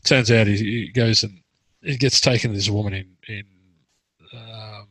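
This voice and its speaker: A man's voice: fairly low pitch, steady tone, normal speed, a bit bright, breathy edge, no echo, poor audio. A man who works as a therapist, chatting casually and telling a rambling story with frequent restarts. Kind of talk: casual podcast conversation.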